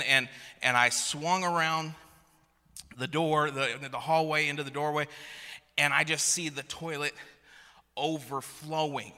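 A man in his thirties delivers a sermon with a slightly high, very bright, forceful voice. He talks slowly and stumbles into restarts as he tells a humorous family story. His voice rings out with the long reverb of a large hall. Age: 30s. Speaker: pastor.

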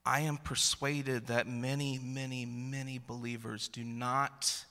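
Speaking slowly in a level, pushed, bright medium-pitched voice, this thirtysomething pastor delivers a sermon. His funny family anecdote is full of restarts and repeated words, and a big hall's long reverb trails behind him.

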